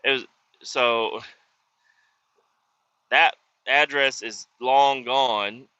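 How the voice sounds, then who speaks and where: A man's voice: medium pitch, very slow, sharp tone, smooth, no echo, highs cut off. A man telling a work story in a profane, rambling casual vlog, with frequent restarts. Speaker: roadside service worker vlogging.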